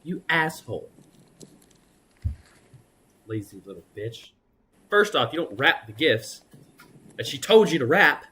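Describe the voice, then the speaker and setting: A man's voice: a little high, very animated, unhurried, long pauses, bright, forceful tone, slight background noise. A young man mocking his own old stage play in crude, self-deprecating reaction commentary. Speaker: streamer reacting to an old video.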